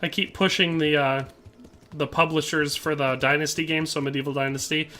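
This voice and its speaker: A man's voice: a little high, fairly even intonation, moderate pace, pushed and bright. A man streaming a game, chatting casually, reading out viewer comments and answering them with playful jokes. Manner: playful, joking asides. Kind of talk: casual livestream commentary while playing.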